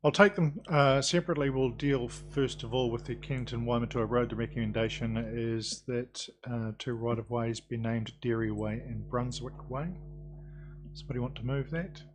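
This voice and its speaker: A man chairing a council committee meeting, brisk and procedural with dry quips. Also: mid-range voice, steady tone, soft background music. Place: council chamber.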